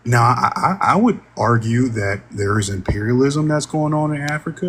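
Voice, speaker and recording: A man's voice: mid-range voice, a little hiss or hum. Exasperated man arguing in a debate. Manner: exasperated, argumentative, curses freely. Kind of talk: heated online debate.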